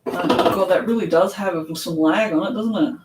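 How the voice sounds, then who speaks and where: A woman's voice: on the low side, moderate pace, distant mic. An Australian woman chatting casually while she packs orders, reading comments aloud, laughing often and swearing offhandedly. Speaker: soap shop owner packing orders. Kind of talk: casual live-stream chat while working. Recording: echoey room, voice somewhat off mic, faint noise.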